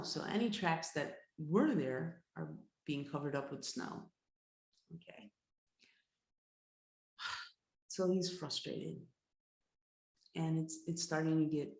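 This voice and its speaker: Female storyteller-teacher, low and gravelly, suspenseful and repetitive delivery, roomy echo. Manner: repeats words, builds suspense, slows down for drama. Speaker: healer and teacher. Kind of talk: oral storytelling in a class.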